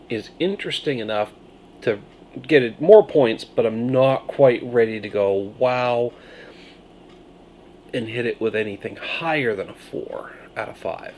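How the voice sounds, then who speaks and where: A man reviewing a beer on his video channel, musing through his tasting notes with pauses and thoughtful hums. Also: mid-range voice, darkish tone, a little hiss or hum. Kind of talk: casual beer review vlog.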